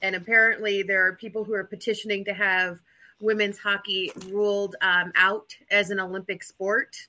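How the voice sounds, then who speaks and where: Chatty woman co-host, very bright tone, rambling delivery. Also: medium pitch, level tone, normal speed. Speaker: podcast co-host. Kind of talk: casual chat.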